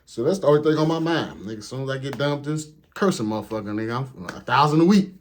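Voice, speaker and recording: A man's voice: mid-range voice, expressive, fast talker. A man telling a comedic story about his trucking training in a casual, profane, slangy way. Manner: profane, laid-back, slangy. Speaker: truck driver.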